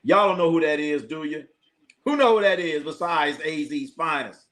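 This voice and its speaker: A man's voice: a little high, normal speed, fairly bright tone. A man hosting a sports livestream, telling rambling stories in a casual chat style, repeating phrases and quizzing his chat.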